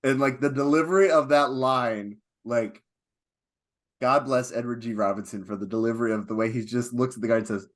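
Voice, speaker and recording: A man co-hosting a film podcast, talking casually and at length, getting animated when he retells scenes. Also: mid-range voice, brisk. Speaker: podcast co-host.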